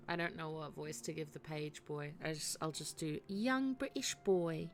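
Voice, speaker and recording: A woman's voice: deep voice, monotone, moderate pace, soft background music. A woman live-streaming a game, chatting casually and thinking aloud in a chatty, self-deprecating way. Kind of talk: casual gaming stream chat.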